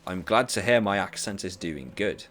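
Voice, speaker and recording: A man's voice: sits low, expressive, normal speed, fairly bright tone, faint music behind. A Norwegian man who learned British English chats casually while gaming on stream, hesitant, with many fillers and restarts. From Norway. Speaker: streamer, teacher.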